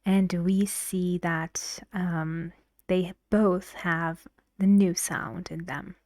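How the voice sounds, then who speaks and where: Slow, careful woman teaching pronunciation. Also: lowish voice, flat delivery, no echo. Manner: slow, deliberate explanations with frequent soft, half-whispered phrases. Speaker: English teacher. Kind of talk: explaining pronunciation in a language lesson.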